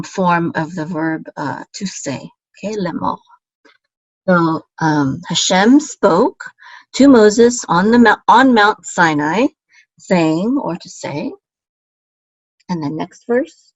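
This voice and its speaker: A woman's voice: lowish voice, no echo, dull audio. A woman teaching a word-by-word language lesson, sounding out syllables patiently, repeating them and correcting herself. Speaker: Hebrew teacher.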